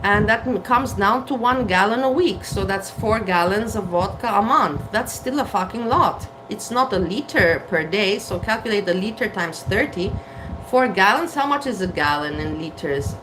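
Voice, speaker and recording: A woman talks straight to her camera in a home kitchen, candid and blunt. She swears freely and laughs at herself. Her voice sits at an ordinary pitch, with a faint bed of room noise underneath. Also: expressive, moderate pace. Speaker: vlogger. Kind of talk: candid casual talk to camera.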